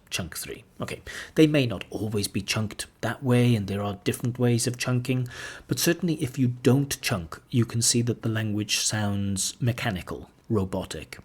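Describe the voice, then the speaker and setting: A man's voice: medium pitch, normal speed, slightly rough. A man teaching a lesson as a language examiner, explaining patiently and saying example sentences aloud. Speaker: IELTS examiner teaching pronunciation.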